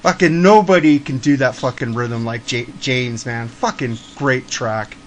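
A man hosting a casual music chat, swearing freely and gushing with excitement. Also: mid-range voice, unhurried, slight background noise. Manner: swears a lot, excitable fan talk.

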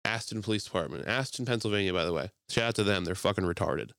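A young man co-hosting a podcast, telling a heated story in casual chat, animated and full of swearing. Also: fairly low pitch, fast, gravelly, clean tone, no echo, clean studio sound. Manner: animated, profane ranting. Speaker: podcast co-host.

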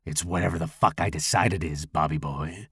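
A man voicing a menacing, deformed hulking male killer with a rough gravelly growl, taunting and foul-mouthed in a slow drawl. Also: very deep voice, steady tone, fairly bright tone, dry recording, clean studio sound, voice pushed down, exaggerated voice.

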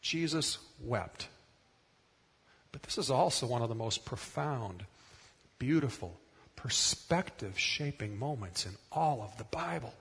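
Middle-aged man, pastor, sermon, earnest, emphatic, husky voice, church-hall reverb. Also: mid-range voice, animated, moderate pace, fairly bright tone. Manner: earnest, emphatic, repeats words for stress.

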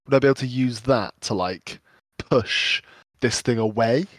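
A man's voice: mid-range voice, normal speed, dry recording. A man playing a tabletop game, joking casually and reading rules aloud. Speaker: player.

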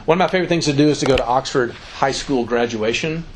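A middle-aged youth ministry speaker gives a church seminar talk in a conversational, animated way, acting out quotes as he goes. He's a fast talker with a mid-range voice, and the low-quality recording carries slight background noise.

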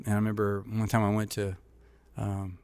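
A middle-aged pastor telling a funny story in a casual chat, acting out the voices of the people in it. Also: male voice, lowish voice, monotone, moderate pace, darkish tone, clear, resonant tone, no room sound.

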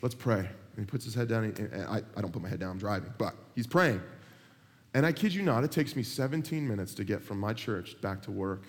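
A man's voice: fairly low pitch, brisk. A man preaching a sermon, joking with his listeners and acting out the people he talks about. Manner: animated, joking, acts out people he mentions. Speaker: pastor. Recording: long hall reverb.

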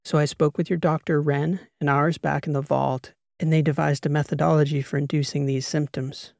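A man reading an audiobook voices a composed female spy handler in a measured, matter-of-fact way. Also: a little high, flat delivery, creaky, darkish tone, no echo, studio quality. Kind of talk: audiobook character voice.

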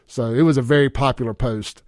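A man's voice: medium pitch, steady tone, a little fast, darkish tone, no room sound. A man hosting a casual talk radio show in a studio, chatting, chuckling often and reading listener texts aloud. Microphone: studio microphone.

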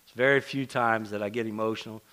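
A man's voice: fairly low pitch, steady tone, quick pace, bright, forceful tone, smooth. A middle-aged man, a pastor, preaching a casual, conversational sermon to his congregation, with self-deprecating asides and frequent restarts. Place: church sanctuary.

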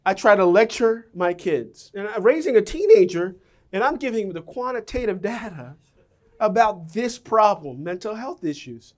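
A middle-aged man preaching a sermon as a pastor, a self-mocking storyteller who swings between loud outbursts and soft, low lines. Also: lively intonation, moderate pace.

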